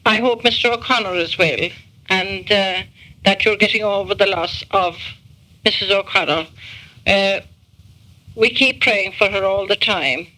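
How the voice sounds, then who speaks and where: A woman's voice: medium pitch, unhurried, sharp tone, low-quality recording. A woman recording a spoken message to family, hesitating often with ums and uhs.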